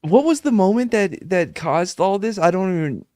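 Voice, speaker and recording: A man's voice: high-pitched, lively intonation, normal speed, a little mellow, no room sound, studio quality. A man chatting on a casual podcast panel, wry and opinionated.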